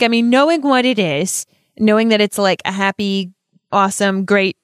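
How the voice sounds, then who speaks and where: A young woman co-hosting a podcast, chatting casually with quick, teasing replies. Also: mid-range voice, clear, resonant tone, dry recording, studio quality. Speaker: podcast co-host.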